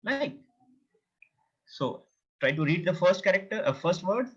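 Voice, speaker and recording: A man teaches beginners, and he talks slowly and carefully, repeating each word several times. His voice is bright and a little husky and sits somewhat high. The recording is muffled and lo-fi. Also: big pitch swings. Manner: repeats words slowly for learners, drawn-out demonstrations. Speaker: language teacher. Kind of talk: classroom teaching.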